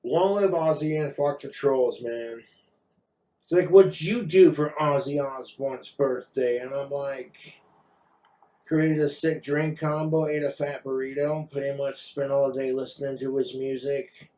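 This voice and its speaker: A man's voice: mid-range voice, steady tone, unhurried, mellow. A man vlogging in a rambling, profane rant while he has been drinking. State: drinking, tipsy.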